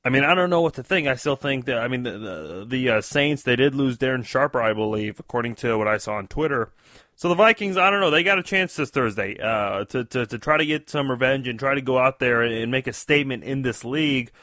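A man calling in to a sports show, talking through his opinions with a bright, forceful tone. He hesitates a lot and restarts his sentences. The sound is dry and close, with no room around him. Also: medium pitch, expressive, brisk, no echo. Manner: hesitant, many fillers and restarts. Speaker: caller, fellow show host. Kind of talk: casual phone-in sports commentary.

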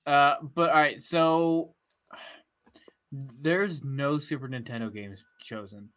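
A man hosting a casual podcast chat, relaxed and hesitant, with frequent ums. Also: medium pitch, takes it slowly. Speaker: podcast host.

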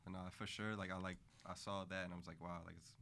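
A man hosts a casual chat, his voice very deep and bright-edged. He talks quickly in easygoing slang with lots of fillers. A faint hum sits behind him. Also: little pitch movement. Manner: laid-back slang, fillers. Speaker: podcast host.

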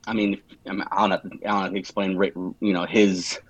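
A man's voice: deep voice, flat delivery, quick pace, breathy edge, no room sound. A young man from California in his twenties, chatting as an interview guest, rambling with many restarts and fillers. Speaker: podcast guest. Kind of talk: casual interview chat. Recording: dull lo-fi sound.

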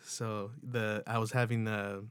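A young man from California co-hosting a podcast, chatting in a relaxed, rambling way with casual swearing. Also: lowish voice, unhurried, clean tone, no echo, studio quality. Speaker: podcast co-host. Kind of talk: casual chat.

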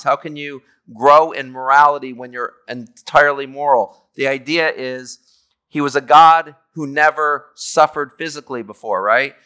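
This Bible teacher speaks at medium pitch, bright, forceful, and clean in tone. Teaching theology conversationally, he reads scripture out loud and then lays out its meaning plainly, regularly pausing to ask "okay?".

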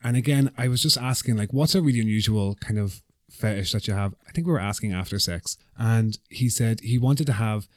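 A man's voice: on the low side, a little fast, a little mellow, no echo, clean studio sound. A young Irish man with a Dublin accent, co-hosting a casual podcast chat, giggly and playful. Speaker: podcast co-host.

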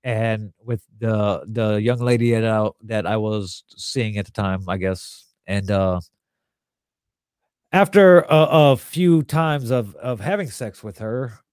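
A young man telling a crude story in casual podcast chat, rambling and animated. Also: lowish voice, takes it slowly, clean tone, no room sound, studio quality.

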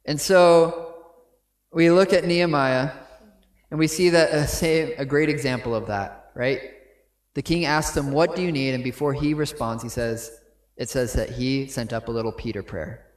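A man's voice: mid-range voice, moderate pace, reverberant. A man giving a sermon in a conversational way, often checking in with his listeners with asides. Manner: conversational, frequent "right?" asides. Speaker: pastor. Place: church sanctuary.

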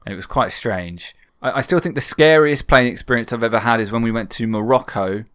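A man's voice: medium pitch, fairly quick, a bit bright, smooth, no echo. Chatty man hosting a podcast. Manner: chatty, self-mocking storyteller. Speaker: podcast co-host. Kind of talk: casual podcast chat.

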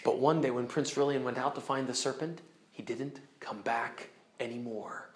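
A man retelling a children's book aloud in an expressive, animated way, swinging between loud bursts and hushed lines. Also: mid-range voice, moderate pace. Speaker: storyteller.

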